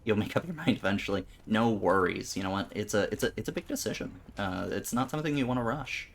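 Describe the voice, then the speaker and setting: A man's voice: lowish voice, fast, vocal fry, a little hiss or hum. A man streaming live, chatting casually with his viewers in a rambling way, often stumbling and repeating words.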